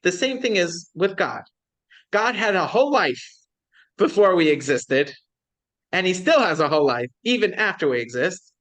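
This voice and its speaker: A man's voice: sits high, sing-song, normal speed, a bit bright. Man giving a chatty class lecture. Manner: conversational, checks in with the class and poses questions. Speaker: rabbi teaching a course.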